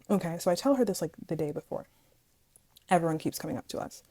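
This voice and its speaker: A young woman vlogger telling a story from school in an animated, dramatic way, acting out what people said. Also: deep voice, quick pace. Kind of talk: casual storytime vlog.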